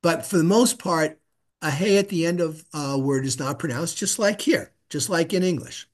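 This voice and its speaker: A man giving a relaxed one-on-one Hebrew reading lesson, patiently sounding out syllables for his student to repeat. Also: fairly high pitch, moderate pace.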